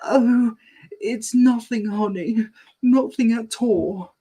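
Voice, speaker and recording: A man voicing a gentle, tired mother cartoon dog, raising his voice into a soft falsetto. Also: big pitch swings, slow pace, heavily acted. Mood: soothing.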